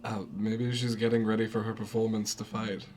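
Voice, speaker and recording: A man's voice: fairly low pitch, little pitch movement, moderate pace, a little mellow, a little hiss or hum. A man playing in a tabletop game, joking and chatting with the table. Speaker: player. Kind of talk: casual table chat.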